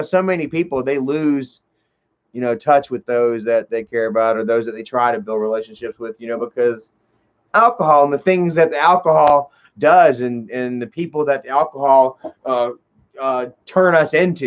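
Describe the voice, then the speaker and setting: A man telling a long, rambling story on a livestream, swearing freely and filling every pause with "you know" while greeting viewers in chat. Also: on the high side. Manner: profane, heavy on fillers like "you know". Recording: dull lo-fi livestream audio.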